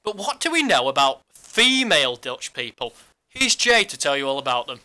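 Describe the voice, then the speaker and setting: Bright-voiced podcast co-host. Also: male voice, mid-range voice, very animated, moderate pace. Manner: teasing, jokey banter. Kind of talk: casual sports podcast chat.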